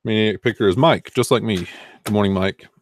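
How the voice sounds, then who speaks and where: A man's voice: fairly low pitch, brisk, a little hiss or hum. A man with a Southern US accent hosting a casual livestream, rambling and answering chat comments. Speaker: eBay reseller hosting a livestream.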